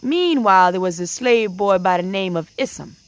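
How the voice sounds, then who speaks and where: A woman tells an old folk tale in a relaxed, folksy dialect. She lets her voice rise and fall, slipping into sing-song rhythms for the characters. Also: medium pitch, normal speed, dry recording. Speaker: storyteller. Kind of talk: oral folk storytelling.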